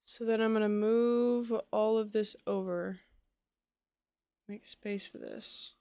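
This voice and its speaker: On her coding live stream, a woman talks casually with viewers, half muttering as she works, then bursting out laughing. Her medium-pitched voice is dark and clean, fairly even in intonation, taking things slowly in a dry recording.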